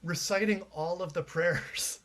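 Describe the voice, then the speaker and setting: A man's voice: sits high, fairly even intonation, a little slow, fairly bright tone. A man from Canada, a playwright being interviewed, telling anecdotes in a chatty way with frequent restarts. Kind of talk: casual interview chat.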